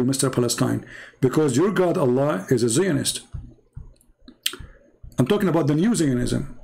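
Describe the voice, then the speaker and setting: A man's voice: on the high side, gravelly, a little mellow. A man and religious debater telling anecdotes in a mocking, storytelling way. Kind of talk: storytelling talk.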